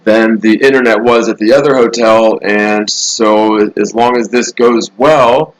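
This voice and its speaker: A man's voice: lowish voice, steady tone, measured pace, poor audio. Rambling, sarcastic male streamer. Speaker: live stream host. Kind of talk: casual live stream commentary. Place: hotel room. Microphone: laptop mic.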